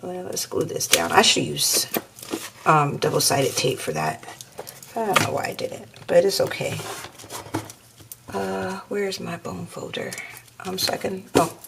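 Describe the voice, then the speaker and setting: A woman talks viewers through a craft project at an unhurried pace, musing aloud and calling them y'all. Her voice sits low with a gravelly fry. Clinks of dishes and cutlery come through in the background. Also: expressive, noisy background. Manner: chatty, thinks aloud, addresses viewers as y'all. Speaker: crafting channel host. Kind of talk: casual craft tutorial talk.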